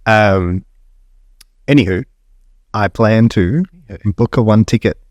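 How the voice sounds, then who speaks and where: Blunt Australian man, lowish voice. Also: takes it slowly, a little mellow, dry recording. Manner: blunt, sweary, laughs often. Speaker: podcast co-host. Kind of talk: casual chat.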